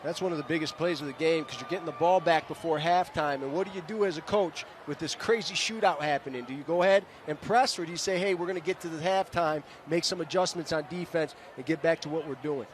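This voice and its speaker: A man's voice: on the high side, fast, hardly any pauses. A man, a former linebacker, giving color commentary who explains plays like a coach. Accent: Michigan. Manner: coaching-minded, explains plays, tags lines with "right?". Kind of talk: live football color commentary. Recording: broadcast booth with stadium noise.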